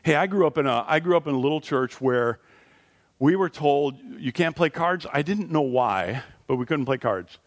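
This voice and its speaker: A man preaching a sermon as a pastor in a church, animated and conversational, rising in pitch and volume at his high points. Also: normal speed. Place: church sanctuary.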